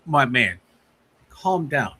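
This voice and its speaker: A man's voice: very animated, takes it slowly, sharp tone, slight background noise. A man co-hosting a casual sports podcast, ranting heatedly and swearing a lot. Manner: heated, profane ranting with big pitch swings. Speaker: podcast co-host.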